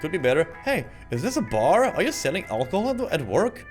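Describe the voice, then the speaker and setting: A man's voice: on the high side, very animated, brisk, faint music behind, pitched above the performer's own voice. A man voicing a weary young male office worker in a video game, reading his lines dryly.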